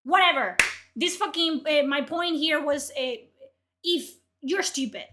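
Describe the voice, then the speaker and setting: With background noise behind her, a young woman delivers angry ranting commentary on articles during her stream. Her voice is high and her pace measured, broken by furious, foul-mouthed shouting.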